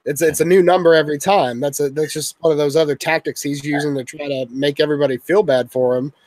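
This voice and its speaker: A man's voice: a little high, fairly even intonation, fast talker, darkish tone, dry recording, poor audio. A man from the Louisville area hosting a casual stream chat, blunt and swearing freely. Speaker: stream host.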